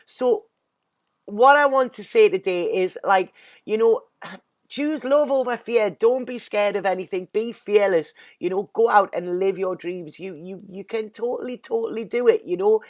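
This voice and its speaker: A woman's voice: mid-range voice, normal speed, darkish tone. Earnest English woman, emotional tarot reading. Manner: earnest, repeats "you know" constantly. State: emotional, near tears. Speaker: tarot reader. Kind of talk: casual spoken reading.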